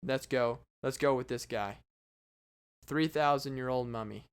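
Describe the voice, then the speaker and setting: On his own casual podcast, a man rambles alone in a sarcastic, mocking tone. His voice sits at a medium pitch and comes across smooth and unhurried.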